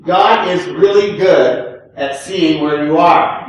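An older man preaching a sermon in a relaxed, conversational way, often checking in with the congregation and chuckling. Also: fairly high pitch, slow. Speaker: pastor. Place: church sanctuary. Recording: echoey room, distant from the mic.

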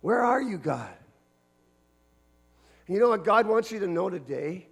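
A man's voice: high voice, lively intonation, measured pace, vocal fry, husky. A pastor from Canada preaching a sermon to his congregation, earnest and emphatic, leaning on repetition.

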